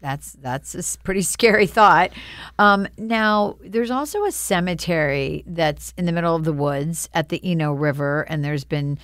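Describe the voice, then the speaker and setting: A woman's voice: on the low side, normal speed, a bit bright, no room sound, clean studio sound. A woman hosting a podcast, reacting with curiosity and prompting her guest with questions in casual chat. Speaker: podcast host.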